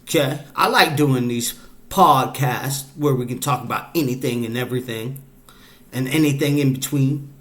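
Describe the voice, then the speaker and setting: A man's voice: medium pitch, moderate pace, fairly bright tone. A man hosting a casual podcast, talking loosely and rambling, with lots of fillers. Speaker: podcast host. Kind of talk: casual chat.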